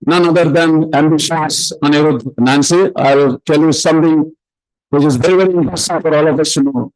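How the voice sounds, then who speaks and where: A man emcees a community event, his voice a little high. He introduces the next speaker in a loose, rambling way with plenty of fillers. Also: fairly even intonation, fairly quick, a little mellow, poor audio.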